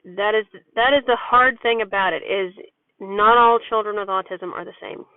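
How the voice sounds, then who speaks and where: In a chatty, meandering vlog, a mother speaks openly about parenthood at a normal speed in a mid-range voice. Her candid monologue comes through dry, with the tinny character of a phone recording.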